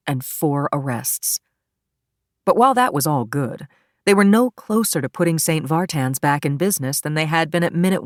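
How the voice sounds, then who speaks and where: Low-voiced woman narrating a thriller. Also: no echo, clean studio sound. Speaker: audiobook narrator. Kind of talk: scripted narration.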